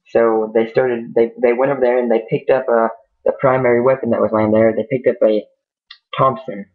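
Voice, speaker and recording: A man tells a spooky war story off the cuff, rambling and restarting often. His voice is fairly flat and mid-pitched. The audio is tinny, like a phone line. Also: moderate pace. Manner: rambling, many fillers and restarts. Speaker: amateur storyteller. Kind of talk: casual improvised storytelling.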